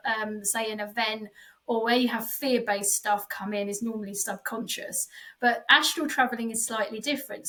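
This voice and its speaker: A woman psychic medium telling a spooky personal story in a casual podcast chat, animated and full of fillers, acting out the voices she quotes. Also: fairly high pitch, distant mic, low-quality recording.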